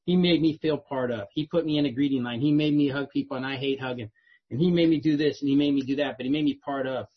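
Husky middle-aged dude rambling thru his recovery story, keeps saying right?, muffled lo-fi sound. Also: mid-range voice, fast talker. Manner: rambling, streetwise, self-mocking, often tags "right?". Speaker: recovery meeting speaker. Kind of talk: personal recovery story told to a meeting. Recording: dull lo-fi recording.

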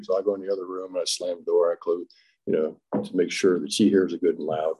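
A middle-aged man giving plainspoken personal testimony at a recovery meeting, with halting restarts and acted-out quotes. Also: deep voice, steady tone, dark tone. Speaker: recovery speaker sharing his story.

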